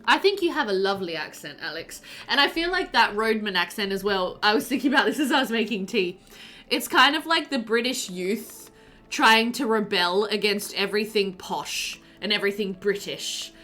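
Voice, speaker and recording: A woman's voice: medium pitch, lively intonation, moderate pace, bright, forceful tone, soft background music. A woman streaming a life-sim game live, chatting loosely, laughing often and reading out her chat as she plays.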